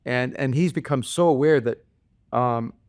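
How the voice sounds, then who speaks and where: A man who is a guest on a podcast, telling family stories in an animated way and laughing often. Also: medium pitch, a little slow, clean tone. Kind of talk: conversational storytelling.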